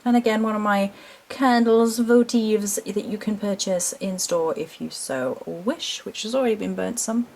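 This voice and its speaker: A woman in a casual home vlog, talking in a gentle, rambling, chatty way with little asides as she shows her altar. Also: mid-range voice, moderate pace, gravelly. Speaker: witch vlogger showing her altar.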